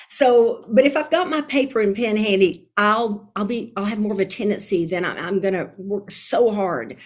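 A woman Bible teacher speaking as a guest on a podcast. She talks in an earnest, emphatic way, circling back and repeating phrases as she explains. Her voice sits at a middling pitch. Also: animated, moderate pace, hardly any pauses. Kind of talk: casual interview conversation.

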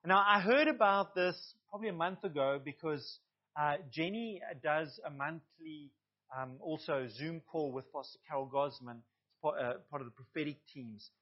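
Man preaching a sermon, slightly high voice. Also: normal speed, lo-fi sound. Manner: earnest preaching with asides to the congregation. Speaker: pastor.

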